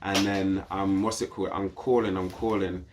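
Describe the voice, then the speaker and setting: A man's voice: low voice, moderate pace, noisy background. A British man, a podcast guest, telling a story in casual chat and acting out the voices of the people in it. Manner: animated, acts out quoted voices.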